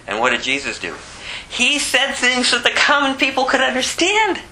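A man's voice: very high voice, wildly swooping pitch, normal speed, bright, forceful tone, rough recording. A man giving an informal sermon as a Bible teacher, emphatic and conversational, repeating phrases for effect. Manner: conversational with asides.

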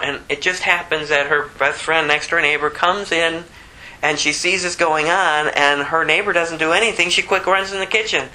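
A man's voice: pushed and bright, poor audio. A man preaching a sermon, his voice rising sharply when he gets emphatic. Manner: impassioned, pitch climbing sharply when emphatic.

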